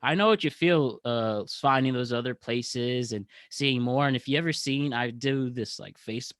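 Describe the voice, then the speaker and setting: A man's voice: medium pitch, normal speed, no room sound, clean studio sound. A young man hosting a podcast in casual chat, rambling with frequent restarts and fillers. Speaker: podcast host.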